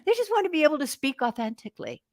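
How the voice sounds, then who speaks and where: A woman voice coach on a video call from her home office, talking in an animated, demonstrative coaching way. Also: high-pitched, rapid-fire, no room sound, studio quality. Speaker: voice and speech coach. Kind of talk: casual video chat.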